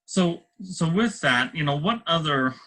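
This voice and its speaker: A man's voice: on the high side, expressive, a little slow, sharp tone, low-quality recording. A man hosting a podcast interview, asking long, rambling questions full of fillers.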